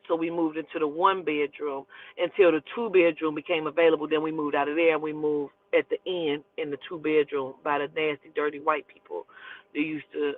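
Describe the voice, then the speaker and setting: A woman telling a personal story in a casual, profane, animated way and acting out the quotes. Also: sits low. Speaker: storyteller host. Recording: tinny phone-like line, dry.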